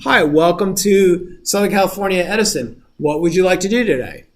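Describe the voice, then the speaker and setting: A man's voice: high voice, brisk. A man imitating a polite automated customer-service phone system with chirpy, scripted politeness.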